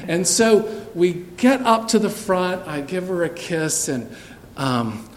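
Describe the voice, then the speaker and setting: A middle-aged pastor preaches in a church sanctuary, his voice sitting a little high for a man. He tells a personal story earnestly, dropping soft and low at the tender moments. A faint rumble hums under the recording. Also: big pitch swings, takes it slowly. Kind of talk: sermon.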